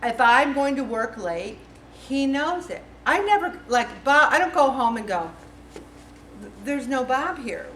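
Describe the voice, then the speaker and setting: A woman's voice: high voice, measured pace, distant mic, slight background noise. Chatty woman in an echoey room. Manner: chatty and animated, acts out quoted voices. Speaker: faith-based support group leader. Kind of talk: casual talk to a group. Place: meeting room.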